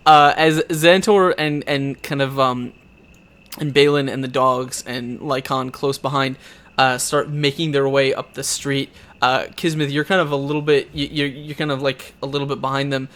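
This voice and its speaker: A man's voice: mid-range voice, steady tone, moderate pace, a bit bright. A man narrating a tabletop game as game master, rambling with many restarts.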